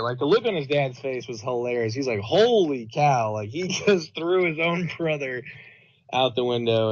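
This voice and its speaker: A man's voice: medium pitch, a bit bright. A man casually reviewing a movie on a podcast, rambling with lots of fillers and retelling scenes. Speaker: podcast co-host. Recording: dull lo-fi dry recording.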